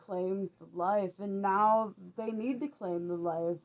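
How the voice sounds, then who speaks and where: A woman's voice: mid-range voice, fairly even intonation, slow, phone-quality sound. A woman playing a tabletop game, chatty and questioning, laughing often. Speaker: player. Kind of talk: casual tabletop play.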